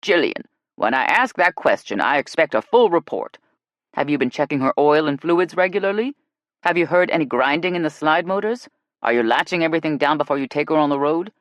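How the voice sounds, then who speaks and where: A woman voicing a gruff, practical father who lectures about maintenance. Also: sits low, animated, a little fast, dry recording, studio quality. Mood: lecturing. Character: gruff practical father, fixated on his camper.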